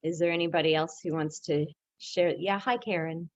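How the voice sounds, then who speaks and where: A woman leading a yoga workshop, calm and gently humorous. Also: on the low side, normal speed, dry recording, dull audio. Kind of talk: guided group workshop.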